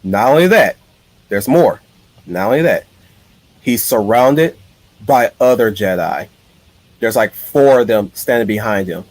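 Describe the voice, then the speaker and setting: A man's voice: lowish voice, animated, a little slow, long pauses, a little mellow. A man hosting a casual live stream, telling his ideas in an eager, rambling way. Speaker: streamer host.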